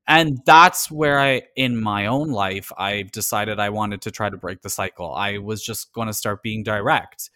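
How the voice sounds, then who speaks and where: A man's voice: fairly low pitch, measured pace, hardly any pauses, bright, forceful tone, no echo, clean studio sound. A man from Canada in casual conversation as a podcast co-host, talking earnestly and reflectively about personal experience.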